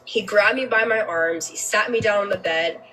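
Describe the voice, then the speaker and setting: A woman's voice: mid-range voice, moderate pace, pushed and bright, recorded from a distance, a little hiss or hum, low-quality recording. A woman telling a personal story on a livestream, emotional and candid, swearing freely and often restarting her sentences.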